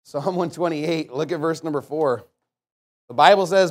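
A male pastor preaching a sermon bluntly, swinging between loud emphatic bursts and quiet asides. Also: on the high side, moderate pace. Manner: peppers points with "okay?" and "you know what?".

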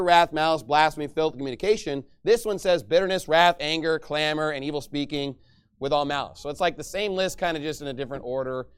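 A man preaching a sermon, reading verses and explaining them with emphatic, rising delivery. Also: fairly high pitch. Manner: emphatic, rising to loud bursts when acting out angry speech.

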